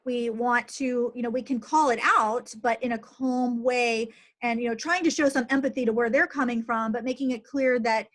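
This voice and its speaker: A woman's voice: a little high, fairly even intonation, moderate pace, a bit bright. A middle-aged woman, a physician, hosting a conversational interview in an earnest tone with plenty of fillers. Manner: earnest, uses many fillers. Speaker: physician host.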